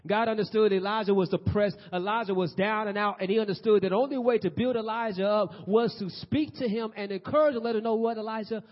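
A man preaching a sermon, swinging from loud urgent exhortation to soft, near-whispered passages. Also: high-pitched, fast, hardly any pauses. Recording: dull lo-fi audio.

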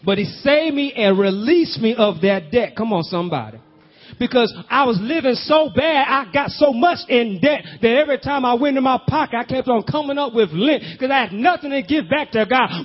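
A man's voice: very high-pitched, lively intonation, brisk. A man preaching a sermon, urging his congregation to answer back and building his points with rhythmic repetition. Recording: dull lo-fi recording.

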